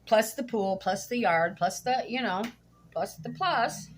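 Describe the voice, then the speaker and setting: A woman's voice: mid-range voice, lively intonation, a little slow, a little hiss or hum. A middle-aged woman vlogging casually at home while cooking, telling a story bluntly and indignantly, swearing freely.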